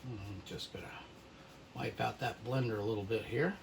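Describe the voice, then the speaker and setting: With a fairly low, creaky voice and a noisy background, a man teaches an oil painting paint-along. His manner is slow and easygoing, and he frequently chats half to himself while painting.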